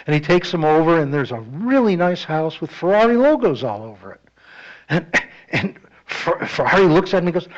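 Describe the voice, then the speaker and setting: A man's voice: a little high, sing-song, normal speed. A man giving a talk at a community club meeting, telling a joke and chatting casually with the audience. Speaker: guest speaker. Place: meeting hall. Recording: dull lo-fi audio.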